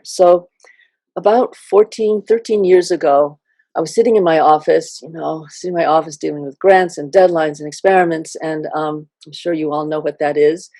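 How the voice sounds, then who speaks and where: A woman's voice: sits low, mellow, no echo. A middle-aged woman, a genetics professor, telling a personal story in a talk, earnest and reflective, with some fillers.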